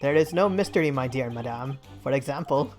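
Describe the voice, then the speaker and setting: Woman putting on a pompous British gentleman detective. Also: extremely low pitch, animated, fairly quick, soft background music, pitched below the performer's own voice. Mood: grandiose. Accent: attempted British. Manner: theatrical, grandiloquent.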